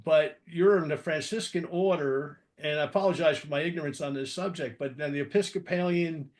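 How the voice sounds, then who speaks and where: A man's voice: a little high, brisk. A man from New Jersey who hosts an interview podcast and talks in a chatty, rambling way with self-deprecating asides. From New Jersey, East Coast. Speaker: podcast host. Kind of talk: casual interview conversation.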